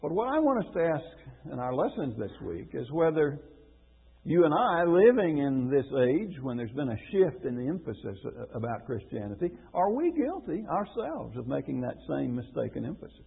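A man's voice: fairly high pitch, very animated, normal speed, gravelly, husky. A man preaching a radio lesson, earnest and questioning, repeating phrases for emphasis. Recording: phone-like radio broadcast with long reverb.

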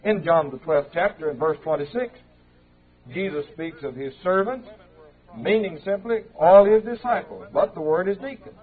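A man teaching an evening Bible class in a church speaks in a fairly high voice. He is measured and conversational and sometimes stumbles and restarts. The sound is thin and narrow, like an old tape heard over a phone line. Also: slightly rough. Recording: tinny, narrow-band old tape recording.

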